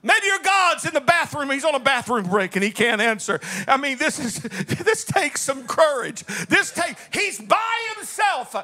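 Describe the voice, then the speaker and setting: A male pastor delivering a sermon. His preaching is dramatic, swinging between shouted peaks and low, quiet passages, and he tells the story in a folksy, playful way with calls to the congregation. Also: very animated, measured pace, few pauses.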